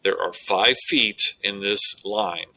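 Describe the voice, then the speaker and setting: A man, teaching a recorded lesson on poetic meter in a slow, deliberate way with frequent fillers. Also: lowish voice, gravelly, sharp tone, poor audio.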